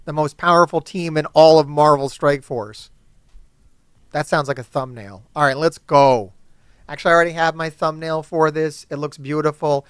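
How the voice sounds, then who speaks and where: A man giving casual gameplay commentary to his chat, swearing often and ranting excitedly about characters. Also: fairly high pitch, moderate pace, clean tone, no echo. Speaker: gaming YouTuber.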